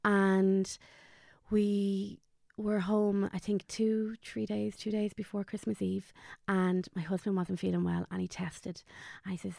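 A woman, a podcast guest, telling a painful family story in a halting way, her voice sinking to a hush at the hardest parts. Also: mid-range voice, level tone, gravelly, dry recording, clean studio sound. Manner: halting, drops to a hushed near-whisper on painful memories. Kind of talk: emotional personal storytelling.

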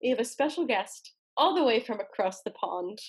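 A woman from the United States co-hosts a casual chat. Her voice is a little high and breathy, and she is lively and jokes and laughs a lot. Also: normal speed. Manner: lively, jokey, laughs often. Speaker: podcast co-host.

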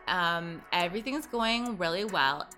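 A woman's voice: lowish voice, animated, measured pace, over music. A woman from Canada, hosting a podcast in a rambling, profane, casual chat and laughing at her own jokes. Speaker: podcast host.

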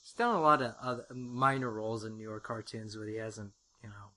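A co-host chatting casually, blunt and sarcastic, often trailing off into low mutters. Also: brisk, bright, forceful tone. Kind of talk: casual chat.

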